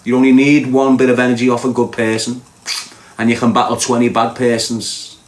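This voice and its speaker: A man's voice: mid-range voice, little pitch movement, a little fast, roomy sound. A man with a Liverpool accent telling a heated, insistent story as a podcast host. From Liverpool, England. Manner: ranting, fired-up, insistent.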